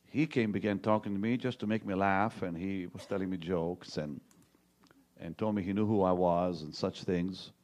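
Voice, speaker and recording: A middle-aged male pastor telling his own story to a live congregation, halting and repeating words, dropping to a hushed tone when he retells what was said to him. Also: low voice, fairly even intonation. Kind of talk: testimony preached to a live audience.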